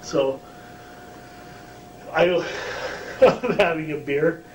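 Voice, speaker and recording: A man's voice: fairly high pitch, extremely slow. A man, a former wrestler, telling a backstage story in a shoot interview, profane and chuckling. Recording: roomy distant mic, faint hum.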